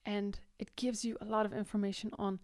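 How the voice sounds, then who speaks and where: A woman's voice: mid-range voice, little pitch movement, a little fast, darkish tone, no room sound, studio quality. A young woman with a Dutch Limburg accent, explaining vocal technique in a singing tutorial and often checking in with "right?". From the Netherlands. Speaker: singing teacher. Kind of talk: vocal tutorial with sung demonstrations.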